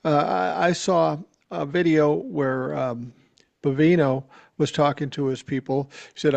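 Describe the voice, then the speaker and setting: A man's voice: a little high, steady tone, measured pace, vocal fry, a little mellow. A man from Georgia calling in as a regular guest on a political talk show, speaking bluntly and steadily with some cursing.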